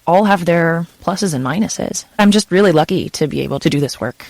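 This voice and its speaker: A woman's voice: fairly low pitch, brisk, darkish tone, no echo. A woman who narrates audiobooks, chatting loosely in an interview with lots of fillers like "kind of" and "you know". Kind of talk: casual interview answers.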